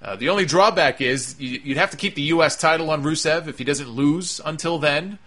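A man's voice: a little high, brisk, fairly bright tone. A man hosting a wrestling podcast, giving a blunt, sarcastic, opinionated recap and swearing freely.

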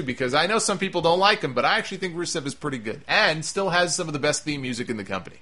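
A man's voice: on the high side, sharp tone. A man giving an opinionated, rambling solo commentary on pro wrestling, emphatic and full of restarts. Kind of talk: casual opinion monologue.

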